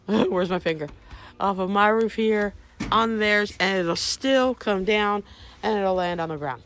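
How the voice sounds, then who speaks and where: A woman showing her new rabbits outdoors beside the hutches on her farm, chatting casually to the camera and cooing softly at the animals. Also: medium pitch, unhurried, a little hiss or hum. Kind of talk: casual vlog walk-through.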